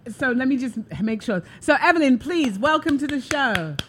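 A woman's voice: sits high, lively intonation, normal speed, noisy background. A woman hosting a casual live-stream talk show, talking in an effusive, enthusiastic and chatty way. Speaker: show host. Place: New York City.

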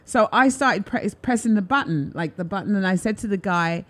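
A woman hosts a casual talk show and tells an animated story. She slips into the voices of the people she quotes. Her voice is mid-pitched and swings widely. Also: fairly quick, few pauses. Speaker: host.

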